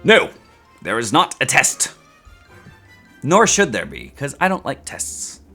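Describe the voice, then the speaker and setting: A man gives a casual statistics lesson, chatty and self-mocking, with a lively, swinging pitch. His voice sounds bright and forward. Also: slow, breathy edge, faint music behind. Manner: chatty and joking, with rants and self-mocking asides. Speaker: statistics instructor. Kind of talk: casual video lecture.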